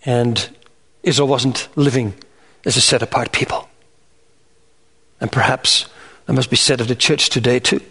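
A man preaching a sermon in an earnest, measured way, rising in pitch on emphatic lists. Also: steady tone, bright, forceful tone, slightly rough. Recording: reverberant hall sound.

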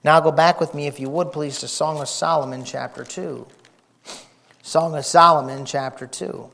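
A man preaching a folksy, excitable sermon, shouting and whispering for effect. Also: a little high, moderate pace, creaky.

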